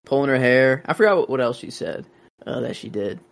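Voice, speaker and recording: A man's voice: mid-range voice, lively intonation, fairly quick, creaky, no echo. A man co-hosting a podcast, chatting casually about a TV episode, often hesitating and trailing off mid-thought. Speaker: podcast co-host. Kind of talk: casual chat recapping a TV episode.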